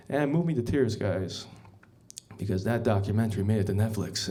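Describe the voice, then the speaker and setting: Animated man doing rambling stand-up. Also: mid-range voice, moderate pace, vocal fry, slight background noise. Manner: rambling deadpan storytelling with many ums, often says "guys". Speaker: stand-up comedian. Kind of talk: stand-up set.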